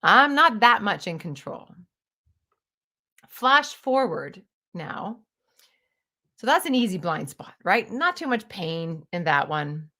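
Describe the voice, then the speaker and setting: A woman around fifty telling personal stories in a chatty, animated way, full of "like" and "you know". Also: medium pitch, slow pace, long pauses. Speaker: storytelling vlogger. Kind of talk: casual storytelling monologue.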